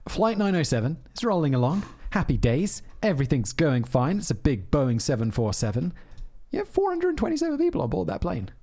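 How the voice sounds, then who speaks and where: Lively, rambling man telling a story. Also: a little high, a little fast, hardly any pauses. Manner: rambling storyteller, laughs often. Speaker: podcast host. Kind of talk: casual chat.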